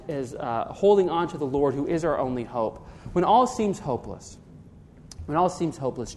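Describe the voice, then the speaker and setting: A man's voice: a little high, a little mellow, big-room sound. A man preaching a sermon as pastor, earnest, often restarting his sentences and asking rhetorical questions.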